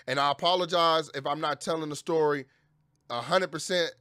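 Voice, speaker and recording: Angry vlogger dad, high voice, dry close sound, profane rant full of restarts. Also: male voice, brisk, bright, forceful tone, no echo. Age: adult with children. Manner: heated, profane, repeats and restarts phrases.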